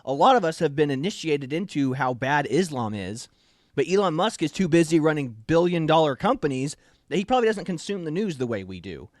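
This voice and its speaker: Man, talk host, emphatic, indignant, fairly high pitch, dry sound. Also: sing-song, brisk, dry recording. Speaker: show host. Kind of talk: opinion talk show commentary.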